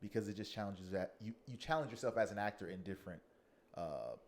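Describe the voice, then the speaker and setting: A man's voice: fairly low pitch, fast talker. A man hosting a podcast, recounting a shared memory with energy and acting out how a crowd reacted. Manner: excitable storyteller, acts out crowd reactions. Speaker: podcast host. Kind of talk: casual podcast interview.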